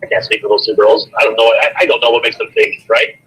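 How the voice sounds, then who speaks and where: A man's voice: fairly low pitch, fairly even intonation, fast talker, fairly bright tone, slightly rough, poor audio. A man talking casually in a private conversation, rambling with lots of fillers and repeated words. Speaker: friend in a recorded private call.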